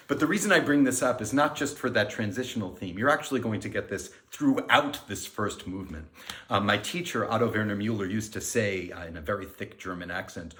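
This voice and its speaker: A middle-aged man, a music director, giving a pre-concert talk and explaining the music in an unhurried, friendly lecturing way. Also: on the low side, fairly bright tone. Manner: explanatory, counts beats aloud and sings themes. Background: piano.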